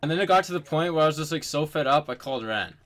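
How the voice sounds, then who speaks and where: A man's voice: a little high, lively intonation, racing, fairly bright tone. A young man telling a story to friends in a casual voice chat, rambling with lots of fillers and swearing.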